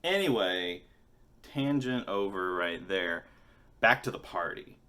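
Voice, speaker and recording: A man in his forties with a very low, bright and forceful voice tells a rambling story in a casual vlog. He swears freely and pokes fun at himself, wandering off on tangents as he goes. The telling is loose and unscripted. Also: lively intonation, takes it slowly, clean tone. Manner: rambling, profane, self-mocking. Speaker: musician and vlogger.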